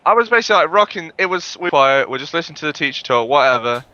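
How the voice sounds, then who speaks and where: A man's voice: fairly high pitch, animated, rapid-fire, bright, forceful tone, lo-fi sound. A young man, a podcast co-host telling rambling, sweary anecdotes in casual chat.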